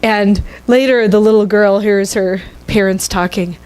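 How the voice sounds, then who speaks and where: A woman minister telling a story in a sermon, conversational and expressive. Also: medium pitch, unhurried, smooth. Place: church sanctuary.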